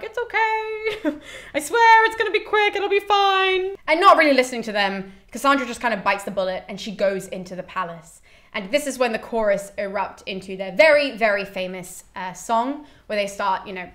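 Casting: lively YouTube presenter, woman, fairly high voice, chatty and irreverent. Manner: animated, chatty, swears, laughs. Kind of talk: casual summary of a classical play.

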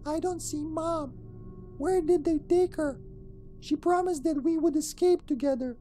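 A game streamer putting on a high, childlike voice to read a creepy little girl's diary in slow, broken phrases. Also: fairly even intonation, dark tone, a little hiss or hum. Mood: eerie, plaintive. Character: creepy, lost little girl searching for her mother. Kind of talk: dramatic reading of a game diary.

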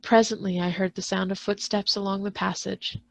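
Gravelly-voiced librarian reading aloud. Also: female voice, mid-range voice, normal speed, no echo. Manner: steady reading with occasional restarts on hard words. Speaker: school librarian.

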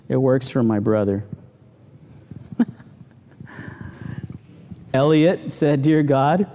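A middle-aged man, a pastor, preaching a sermon in a church and telling stories with sudden animated outbursts. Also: medium pitch. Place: church sanctuary.

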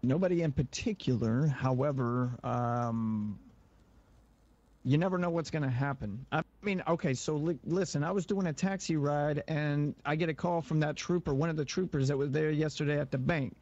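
Slightly high man, lo-fi mic. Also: moderate pace, darkish tone. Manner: rambling, storytelling with quoted dialogue. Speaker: role-play player. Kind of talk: in-character role-play storytelling.

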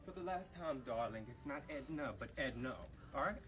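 A man's voice: medium pitch, animated, normal speed, crowd noise, close to an everyday voice. A man playing a flamboyant male fashion designer in a short comedy clip, theatrical and fussy, calling everyone darling. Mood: haughty.

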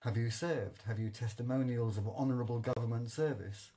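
A man voicing a kind-hearted lighthouse official who asks brisk questions in an audiobook. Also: medium pitch, mellow, breathy edge. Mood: questioning. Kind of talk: audiobook character reading.

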